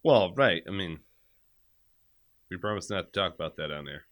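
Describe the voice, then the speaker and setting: A man with a low, bright and forceful voice, talking in casual chat. He swears freely and laughs often while he is sore from a bad back. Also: animated, moderate pace. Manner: profane, laughing storyteller. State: in pain from a hurt back. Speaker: podcast co-host.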